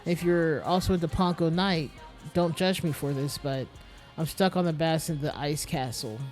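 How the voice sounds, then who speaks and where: A streamer voicing a chummy young male gamer customer, loud and full of slang. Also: mid-range voice, fairly even intonation, moderate pace, faint music behind, close to an everyday voice. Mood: chummy, pushy. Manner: laddish slang, calls everyone mate. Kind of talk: reading game dialogue aloud.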